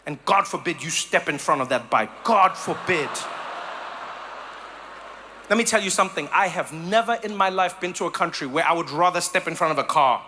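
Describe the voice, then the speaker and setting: A man from Africa, doing animated live stand-up comedy and storytelling. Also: on the high side, normal speed, slight background noise. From South Africa. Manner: animated storytelling, acts out voices.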